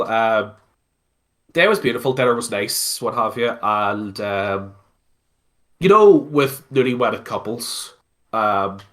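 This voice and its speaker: As an interview guest, a Northern Irish man with a Belfast accent spins a casual, lively story, cursing freely and leaning on lots of fillers. He speaks in a fairly low register.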